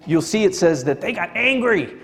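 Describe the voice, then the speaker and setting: A man's voice: high-pitched, expressive, moderate pace, fairly bright tone, long reverb tail. A man preaching a sermon to a congregation, emphatic and conversational, full of casual fillers. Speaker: pastor. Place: church sanctuary.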